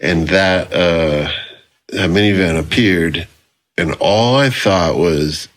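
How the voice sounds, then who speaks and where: A man with a very low voice speaks as a podcast guest in casual chat. He is a former pro football player who tells vivid stories in a relaxed way. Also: slow pace.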